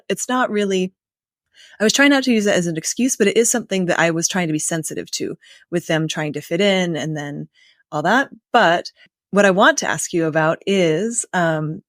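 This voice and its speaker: A woman's voice: lowish voice, no echo, clean studio sound. An American woman hosting a podcast, chatting casually and asking long, thoughtful questions. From United States. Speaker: podcast host. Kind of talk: casual interview chat.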